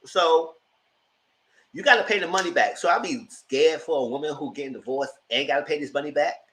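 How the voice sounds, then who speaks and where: A man hosting a live TV review, giving sassy, animated commentary straight to his viewers. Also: fairly high pitch, a little fast, rough recording. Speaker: TV review host.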